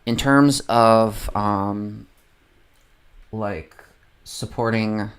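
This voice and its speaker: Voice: mid-range voice, steady tone, very slow, smooth. A livestreamer ranting casually about politics, heavily profane and rambling, often losing the train of thought.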